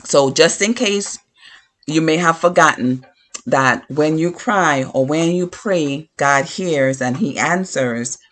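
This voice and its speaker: Earnest, encouraging preacher delivering a relaxed devotional talk with casual asides. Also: mid-range voice, takes it slowly. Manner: earnest, encouraging, repeats key phrases; informal asides with fillers and restarts. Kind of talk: conversational devotional sermon.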